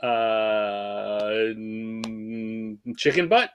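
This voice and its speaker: A man co-hosting a casual podcast, joking with his co-host and then calmly laying out the episode plan over a remote call. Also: on the low side, extremely slow, clean tone, no echo, muffled recording. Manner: playful, jokey banter; organized, walks through the plan.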